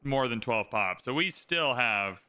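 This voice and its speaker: A man's voice: medium pitch, lively intonation, unhurried, bright, forceful tone, clean tone. A man giving casual, upbeat livestream commentary while playing a strategy game, thinking aloud and chatting to his viewers.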